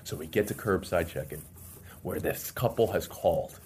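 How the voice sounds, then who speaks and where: Low-pitched and at a moderate pace, with slight hiss or hum in the background, a middle-aged podcast guest spins a long, lively tale. He's theatrical, putting on voices to deliver what others said.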